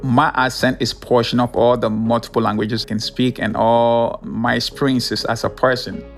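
A man with a Ghanaian accent, a motivational speaker talking slowly and earnestly in an interview. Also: mid-range voice, flat delivery, faint music behind. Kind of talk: interview talk.

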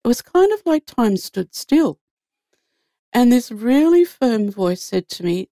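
Woman, gravelly voice, mellow tone, earnest conversational storytelling, dry close sound. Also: a little high, very animated, measured pace, dry recording. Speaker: guest sharing a faith story.

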